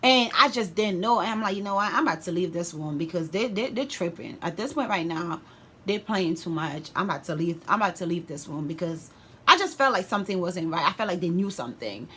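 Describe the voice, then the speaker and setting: A young woman telling a personal story on her vlog in a casual, animated way, full of slang. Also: fairly low pitch, fairly quick, slightly rough. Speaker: vlogger.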